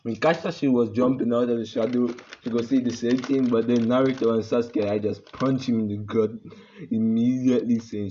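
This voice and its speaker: A man's voice: medium pitch, level tone, normal speed, mellow, slight background noise. A man casually retelling a fan story, rambling with many fillers and restarts, on a dull lo-fi recording.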